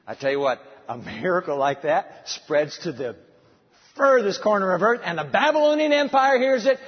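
Husky high-voiced man preaching a sermon. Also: animated, normal speed. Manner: dramatic storytelling with sudden asides. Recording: dull sound with long hall reverb.

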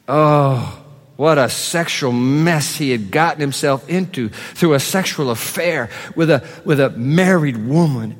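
A male pastor preaching a sermon in a church, swinging between loud proclamation and hushed, quick asides. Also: medium pitch. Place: church sanctuary. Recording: long hall reverb.

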